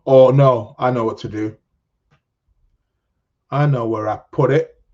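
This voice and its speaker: A man's voice: mid-range voice, measured pace, a little mellow, lo-fi sound. A man hosting an astrology podcast, chatting casually and reading out viewer comments in a rambling, joking way. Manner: rambling, jokey, self-interrupting.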